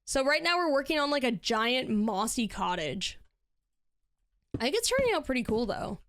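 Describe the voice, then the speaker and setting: A woman's voice: high voice, very animated, normal speed, background noise. A woman streaming and chatting casually while she builds in a game, laughing often.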